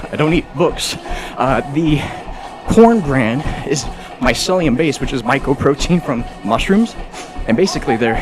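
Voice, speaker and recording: A man ranting casually and a bit preachily while gaming on a treadmill. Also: medium pitch. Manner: talkative, preachy, rambling; exercising on a treadmill while talking. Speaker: gaming streamer. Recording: music clearly behind.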